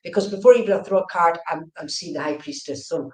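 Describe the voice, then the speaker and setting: A woman giving fast, chatty psychic readings on a live stream, often checking in with okay and right. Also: lowish voice, a little mellow, echoey room, poor audio. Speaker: medium.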